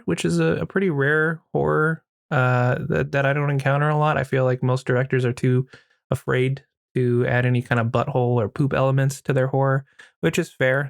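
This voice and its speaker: Male podcast host, casual crude movie recap, average pitch, dry booth-like mic. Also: vocal fry, no room sound. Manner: crude, joking retelling with acted quotes.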